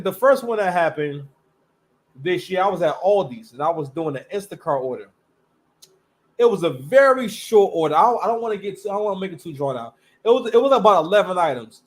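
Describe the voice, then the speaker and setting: A man hosting a live stream, telling stories in a loose, rambling way with slang and restarts. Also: a little high. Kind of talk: casual storytelling monologue.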